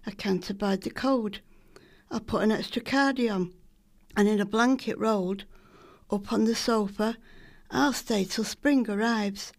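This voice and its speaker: A woman's voice: mid-range voice, unhurried. A woman from Salford with a Lancashire accent, reading her own poems in a homely storytelling manner. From Salford, England. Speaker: poet. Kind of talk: poetry reading.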